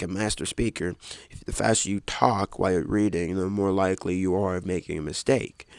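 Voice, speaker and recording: A man's voice: deep voice, gravelly, a little mellow, dry recording. A man hosting his own podcast, chatting casually in a rambling way, correcting himself and making jokey asides into a close microphone at home. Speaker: podcast host. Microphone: close desk microphone.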